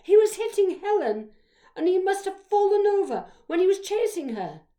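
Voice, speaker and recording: A woman voicing a kindly teacher who speaks up loudly and insistently to defend a child. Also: very animated, normal speed, reverberant. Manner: high, loud and insistent.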